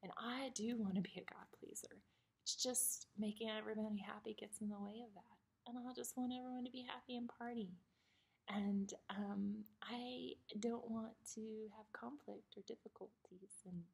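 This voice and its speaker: A woman's voice: on the high side, creaky, husky. A young adult woman from the United States giving a casual, personal devotional talk, chatty and full of fillers. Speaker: devotional speaker.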